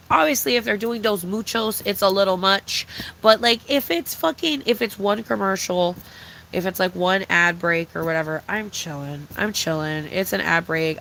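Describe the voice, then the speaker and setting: A young woman chatting loosely on a stream, rambling from one thought to the next with constant "like"s and plenty of swearing. Her mid-range voice has a gravelly, fried edge, and a faint noise hum sits under the recording. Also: medium pitch, fairly bright tone. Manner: rambling, profane, many fillers. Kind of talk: casual chat.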